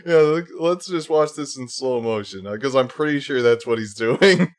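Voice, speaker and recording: A man's voice: mid-range voice, lively intonation, normal speed. A man streaming live, reacting to a video with mocking, profane commentary and frequent laughter.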